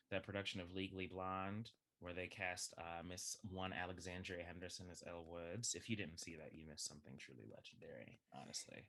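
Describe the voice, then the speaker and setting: Young male podcast guest: low voice with a bright edge, animated and chatty, lots of "like"s. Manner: animated, chatty, heavy use of filler words. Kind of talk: casual chat.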